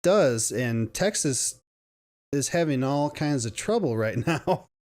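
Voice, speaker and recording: A man's voice: mid-range voice, expressive, takes it slowly, a little mellow. A man co-hosting a casual podcast chat, rambling with frequent restarts and laughs. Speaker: podcast co-host.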